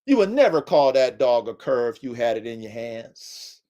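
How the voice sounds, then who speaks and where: A man's voice: medium pitch, big pitch swings, moderate pace, mellow, muffled recording. A man hosting a livestream podcast, lecturing his listeners in an emphatic, preachy way, repeating himself and using casual slang. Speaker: podcast host.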